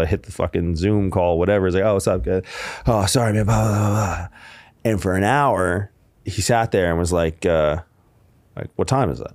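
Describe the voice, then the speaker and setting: A man with a very deep, low voice chats as a podcast guest. He rambles loosely through his stories, stacking up fillers and casual swearing. The sound is close and dry, with no room around it. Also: a little mellow, no room sound. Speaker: podcast guest, strength coach. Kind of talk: casual storytelling chat.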